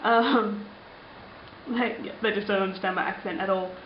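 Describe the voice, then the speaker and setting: A young Australian woman vlogs from home, chatting loosely and playfully and filling her pauses with ums. Her voice sits in a middling register and carries a roomy echo. The recording is a little dull and muffled. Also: mid-range voice, fairly even intonation, a little hiss or hum. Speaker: vlogger. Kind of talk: casual chat answering viewer comments.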